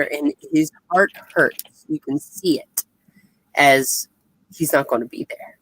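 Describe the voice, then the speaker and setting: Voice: medium pitch, steady tone, slow pace, gravelly, fairly bright tone, no echo, rough recording. A comic review co-host in casual chat who retells scenes by acting out the characters' quoted lines.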